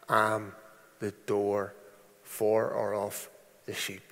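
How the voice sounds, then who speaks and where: A man delivers a sermon at a measured, deliberate pace. He lets his voice sink low and soft whenever he quotes a verse. The sound carries a long church reverb. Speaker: preacher.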